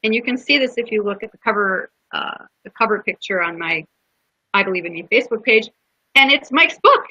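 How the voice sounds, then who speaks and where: Bright-voiced woman guest with a husky edge, earnest and heartfelt, dry and dull lo-fi sound. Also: mid-range voice, lively intonation, fairly quick, no room sound. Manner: earnest, heartfelt, with restarts and quoted dialogue. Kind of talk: personal storytelling in a podcast interview. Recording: dull lo-fi podcast audio.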